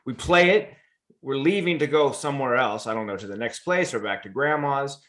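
A man co-hosting a casual chat, telling a story about his childhood in a lively, animated way. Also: mid-range voice, a little fast. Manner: lively anecdote telling, acting out quotes. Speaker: podcast co-host.

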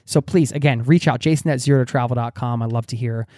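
A man's voice: medium pitch, quick pace, no echo, studio quality. A man hosting a podcast, reading out and answering listener mail in an earnest, chatty way, often restarting his words. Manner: earnest, warm-hearted, many restarts and repeated words. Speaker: podcast host.

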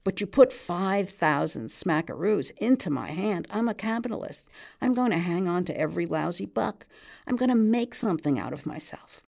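A woman's voice: lowish voice, animated, moderate pace, creaky, darkish tone. A woman reading aloud, voicing an eager New York barman who talks in folksy working-class slang with a New York accent. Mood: earnest. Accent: New York, put on. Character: chatty New York male barman, hopeful.

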